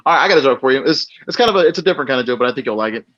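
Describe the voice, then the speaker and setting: A man's voice: medium pitch, animated, rapid-fire, fairly bright tone, lo-fi sound. Crude joke-telling young man. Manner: crude joke teller, acts out characters. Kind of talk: joke telling on a live stream.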